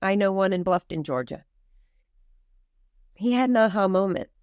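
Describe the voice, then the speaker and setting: A woman from the United States speaking as a podcast guest, animated and emphatic, with many rhetorical questions. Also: mid-range voice, normal speed, no echo, dull audio. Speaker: farm movement founder, guest. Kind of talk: podcast interview.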